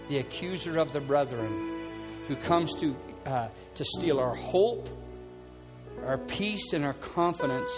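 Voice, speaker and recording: A man preaching a sermon as pastor, calling people forward and then praying earnestly over them. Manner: earnest preaching, drops soft and low for quoted prayers. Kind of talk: sermon with altar call and prayer.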